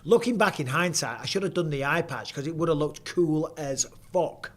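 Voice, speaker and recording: Blunt, swearing man, slightly high voice. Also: moderate pace. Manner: blunt, swearing, chatty banter. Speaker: host. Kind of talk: casual live fight commentary.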